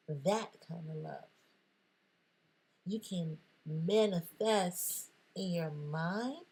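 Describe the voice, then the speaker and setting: A woman talking playfully in a motivational monologue, animated, jumping between whispers and sudden squeals. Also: on the low side, very slow, husky. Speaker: motivational vlogger.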